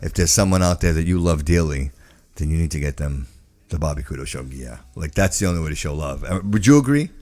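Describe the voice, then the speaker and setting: A man's voice: rumbling low, lively intonation, fast, darkish tone. A man hosting a casual live-stream chat, upbeat and jokey, calling people brother. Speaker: host.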